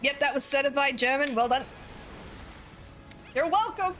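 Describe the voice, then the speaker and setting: Giggly high-voiced woman streamer. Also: lively intonation, normal speed, fairly bright tone, a little hiss or hum. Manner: giggly, chatty, reads chat aloud. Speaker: game streamer. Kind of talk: casual live-stream chat.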